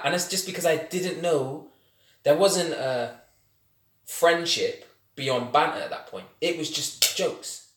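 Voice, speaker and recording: Man, podcast guest, lively storyteller, roomy echo on the mic. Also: fairly high pitch, measured pace. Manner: animated, laughs often, slangy storytelling. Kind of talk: casual chat. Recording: echoey room.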